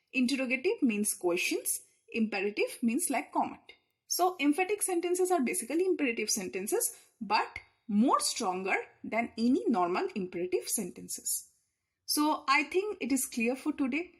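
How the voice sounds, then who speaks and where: A woman's voice: on the high side, slightly rough. A woman explains grammar in short, repeated phrases. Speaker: English teacher.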